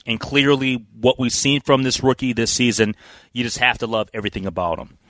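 A man's voice: mid-range voice, no echo. Male talk radio host, chatty sports recap, dry studio mic. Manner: energetic, chatty, with quick asides. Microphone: studio microphone.

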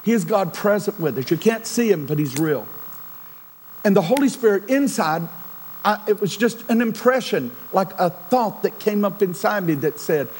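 Middle-aged guy preaching, high voice, goes loud then drops real quiet, faint hum behind. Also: expressive, normal speed, poor audio. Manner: dramatic swings from loud to near-whisper. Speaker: pastor. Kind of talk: sermon.

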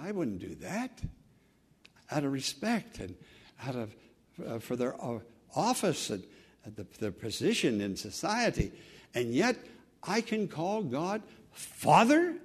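A man preaching a sermon as pastor, earnest and conversational, swinging from fervent emphasis to soft, quiet phrases. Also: on the high side. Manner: repeats words and restarts, conversational preaching.

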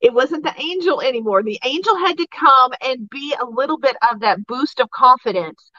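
A woman's voice: sits high, expressive, moderate pace, pushed and bright, no room sound, dull audio. A woman hosting a devotional podcast, retelling a Bible story in a casual, enthusiastic way with many asides.

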